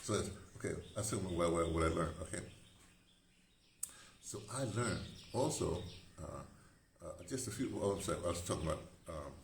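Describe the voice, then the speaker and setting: A man's voice: low-pitched, expressive, moderate pace, gravelly, pauses often, roomy sound, a little hiss or hum. A man hosting his own video, rambling off-script and cutting himself off as he jokes and wanders between thoughts. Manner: digressive, restarts often, jokes with himself. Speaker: video host, former radio broadcaster. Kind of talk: rambling casual monologue to camera. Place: indoor room with incense burning. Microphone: camera mic.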